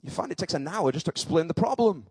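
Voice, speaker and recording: A man preaching in church, telling a personal story and building to fervent, shouted exclamations. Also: on the high side, lively intonation, fast talker, breathy edge, no echo.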